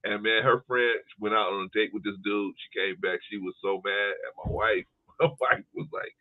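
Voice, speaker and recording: A man's voice: fairly low pitch, level tone, normal speed. A man co-hosting a podcast, laughing often and rambling through anecdotes in casual chat. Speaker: podcast co-host. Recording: tinny phone-like line.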